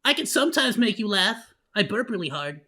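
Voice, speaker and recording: High, bright, rambling vtuber guy. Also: very animated, a little fast, slightly rough. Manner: loud, rambling, restarts a lot. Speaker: vtuber host. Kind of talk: casual reaction commentary.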